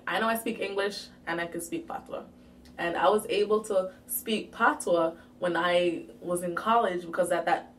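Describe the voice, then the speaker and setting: A young woman from Jamaica tells a story-time vlog in a lively, animated way, tossing in playful asides. Her voice sits a little low, and she is heard from slightly away from the mic. A faint hum of background noise runs under her. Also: distant mic. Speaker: vlogger.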